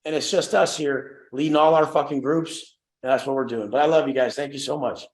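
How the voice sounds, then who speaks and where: A man's voice: medium pitch, steady tone, brisk, reverberant, low-quality recording. A young man hosting a group coaching call, brash and swearing, acting out the voices of people he quotes.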